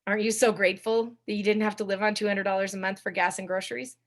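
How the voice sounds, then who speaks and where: A young woman giving a chatty coaching talk to a sales team, with quick asides to her listeners. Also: mid-range voice, fairly even intonation. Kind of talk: casual training talk on a video call.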